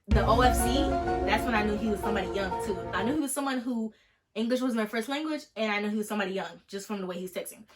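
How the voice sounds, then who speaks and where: Young female vlogger, rapid and sassy storyteller. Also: medium pitch, music in the background. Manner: animated, sassy, acts out texts. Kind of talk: storytime chat.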